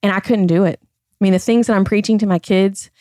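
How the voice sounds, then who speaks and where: A woman's voice: medium pitch, fairly even intonation, brisk, dark tone, no room sound, studio quality. A woman in her thirties who talks earnestly in a candid personal conversation as a podcast guest, often saying "like" and "I feel like.".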